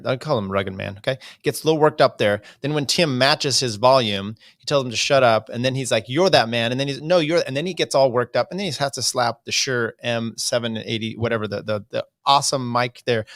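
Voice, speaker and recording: A man's voice: mid-range voice, a bit bright, dry recording, studio quality. A man hosting a podcast, giving casual, rambling commentary with a wry edge. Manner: rambling, many fillers and restarts, wry. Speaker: podcast host.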